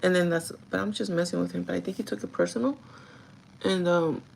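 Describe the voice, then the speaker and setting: A woman's voice: fairly low pitch, fairly even intonation, a little fast, gravelly, darkish tone, a little hiss or hum, poor audio. A woman who works as a store manager tells a casual, gossipy story to her livestream chat, full of "like" and the odd swear word. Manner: chatty and gossipy, with frequent "like" and swearing.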